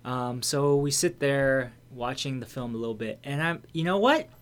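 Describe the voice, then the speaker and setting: An American man tells a personal story in a loose, conversational way. He swears freely and keeps restarting his sentences with fillers. His voice sits at an ordinary mid pitch. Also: moderate pace. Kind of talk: casual storytelling.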